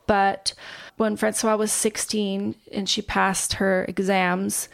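A woman co-hosting a casual chat show, her voice carrying a steady vocal fry. She retells a story at an easy pace, loosely and with filler words. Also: medium pitch. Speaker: podcast co-host.

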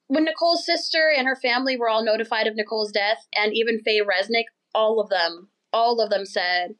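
A young woman hosting a podcast, telling a story in an animated, chatty way and laughing as she goes. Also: on the high side, poor audio. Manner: chatty, animated, laughs while telling, does quick mocking voices for people in the story. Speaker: podcast host. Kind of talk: casual storytelling chat.

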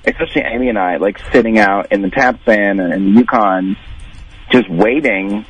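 A man talking in a casual podcast chat as co-host of a paranormal TV show, self-deprecating and quick to wave off praise. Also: lowish voice, breathy edge, no room sound, rough recording.

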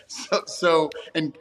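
A man's voice: on the high side, fairly bright tone. A man, an actor guest talking casually in an interview, rambling with restarts and frequent swearing. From New York, USA.

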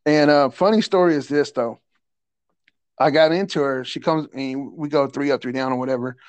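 A man telling a coaching story in a casual chat, animated and slangy, stumbling over repeated words and laughing often. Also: medium pitch, normal speed, smooth, no echo. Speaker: podcast guest, assistant softball coach.

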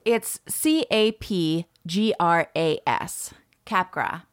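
A woman's voice: lowish voice, expressive, slow pace. A woman co-hosting a podcast from home, chatting casually, playful and self-mocking, laughing often. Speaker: podcast co-host. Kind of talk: casual chat. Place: home, by the deck doors.

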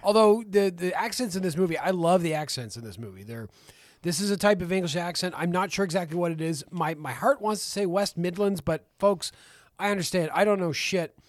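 A male podcast co-host rambles and jokes through a casual film chat, swearing freely. His voice sits a little high, and the recording is dry and close, with no room sound. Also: expressive, fairly quick, dry recording. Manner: profane, joking, rambling.

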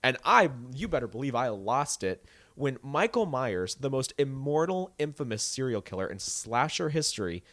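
A man's voice: mid-range voice, very animated, normal speed, a bit bright, no echo. A man co-hosting a podcast, chatting casually and ranting with indignation. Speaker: podcast co-host. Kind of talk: casual chat.

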